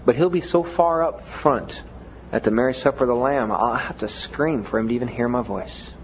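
A man's voice: mid-range voice, a little fast, dull audio, a little hiss or hum. A man preaching a sermon in a conversational way, often stumbling over repeated words, with self-deprecating humor.

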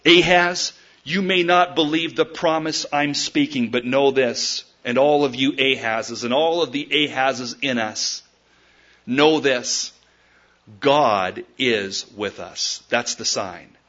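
A male preacher delivers a sermon in a bright, forceful voice. He swings from loud, emphatic declarations to hushed asides and speaks straight to his listeners. The recording sounds dull and lo-fi. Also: medium pitch, takes it slowly. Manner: addresses the listeners directly as folks.

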